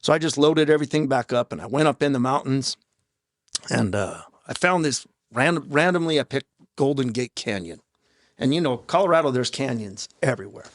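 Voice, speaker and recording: A man in his fifties, a podcast guest, telling his own story in a raw, halting way with blunt profanity. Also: medium pitch, animated, no room sound, clean studio sound. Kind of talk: candid personal storytelling in an interview. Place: podcast studio. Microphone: studio microphone.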